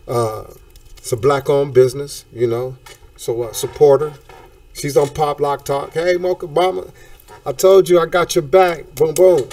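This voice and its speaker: Male talk show host, casual, slangy, animated, hype catchphrases, mic a bit far off. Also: medium pitch, no echo.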